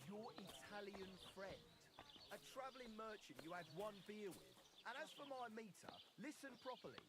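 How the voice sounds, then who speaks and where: A man's voice: high-pitched, big pitch swings, moderate pace. An actor playing a crude, bawdy medieval drinking man who mocks his friend and sings lewd rhymes in a video game. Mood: mocking. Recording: loud outdoor nature noise.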